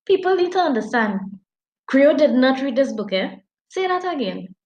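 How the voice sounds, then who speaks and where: A woman with a Trinidadian accent, chatting casually about a book as a podcast co-host, telling it with animated dialect. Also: high-pitched, normal speed, reverberant, dull audio. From Trinidad and Tobago. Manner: animated, dialect-heavy storytelling. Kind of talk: casual book review chat.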